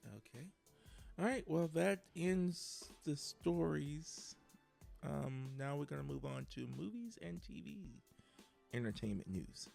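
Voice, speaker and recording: A man co-hosting a podcast, reading entertainment headlines in a casual, halting way with many fillers. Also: on the high side, expressive, gravelly, a little mellow, soft background music. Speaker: podcast co-host. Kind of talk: casual news chat.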